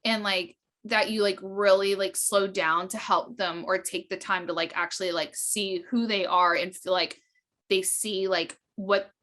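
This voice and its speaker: A woman's voice: medium pitch, fairly even intonation, unhurried, fairly bright tone. Bubbly gushing woman host. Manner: gushing, upbeat, laughs a lot. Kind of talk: casual chat.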